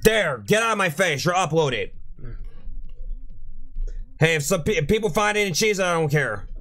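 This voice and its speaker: A man's voice: fairly high pitch, animated, normal speed, a bit bright, faint music behind. A young man streaming a video game, ranting and cursing in frustration as he plays. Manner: frustrated, swearing, repetitive ranting. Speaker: gaming streamer. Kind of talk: live game commentary.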